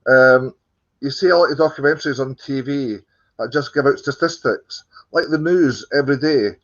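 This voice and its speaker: A man's voice: mid-range voice, moderate pace, a bit bright, highs cut off. A man with a Scottish accent, a guest on an interview show, telling his story earnestly with many ums and the odd dry joke. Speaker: guest film producer. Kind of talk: casual interview chat.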